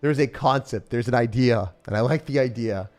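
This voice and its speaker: A young man giving live commentary as he plays and rates card decks, excitable, with loud outbursts and laughter. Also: medium pitch, moderate pace. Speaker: streamer playing and rating decks. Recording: faint music behind.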